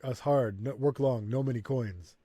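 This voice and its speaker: A man's voice: medium pitch, normal speed, warm tone, dry recording, natural voice. A man voicing a mistreated orc laborer who speaks in clipped, broken grammar. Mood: sullen.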